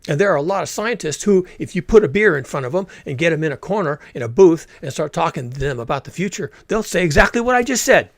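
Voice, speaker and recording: Male reaction commentator, higher voice, blunt and profane, dry close sound. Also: animated, fast talker, hardly any pauses, no room sound.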